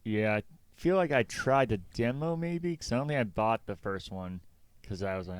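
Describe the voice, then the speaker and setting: A man co-hosting a casual gaming podcast, giving relaxed, rambling opinions. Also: fairly low pitch, normal speed, clear, resonant tone, no echo. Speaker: podcast co-host.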